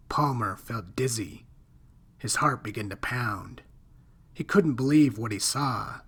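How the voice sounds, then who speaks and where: A man reading a horror story aloud in a slow, hushed, drawn-out way. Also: mid-range voice, breathy edge. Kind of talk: scripted horror narration.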